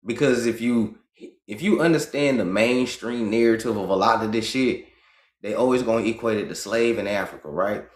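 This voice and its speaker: A man from Georgia with a Southern US accent, hosting an impassioned livestream monologue. He talks emphatically and profanely, his voice climbing high when he gets worked up. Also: normal speed. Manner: emphatic, profane, rising to excited high pitch. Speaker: livestream host. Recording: roomy echo.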